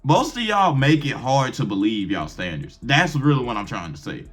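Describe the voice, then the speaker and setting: Brash slangy young man with lively pitch. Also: normal speed, faint music behind. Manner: brash, slangy and profane, with rhetorical questions. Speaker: advice vlogger. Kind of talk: blunt relationship advice to camera.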